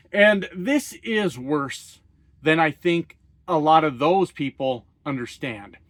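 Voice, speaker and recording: A man's voice: a little high, fairly bright tone, dry recording. A man and former truck driver, ranting about politics into his phone in a blunt, profane, sarcastic way. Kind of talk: profane political rant to camera.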